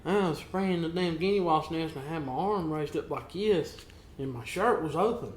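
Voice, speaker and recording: A man's voice: on the high side, moderate pace. A man hosting a casual chat, telling profane stories with lots of swearing. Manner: profane, animated storyteller. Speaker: podcast host. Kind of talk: casual comedic storytelling chat. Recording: echoey room with faint ambience.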